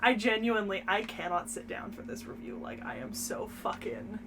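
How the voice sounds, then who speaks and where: A young woman co-hosting a casual anime discussion, energetic and sassy, swearing freely. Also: mid-range voice, normal speed, noisy background. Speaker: podcast co-host.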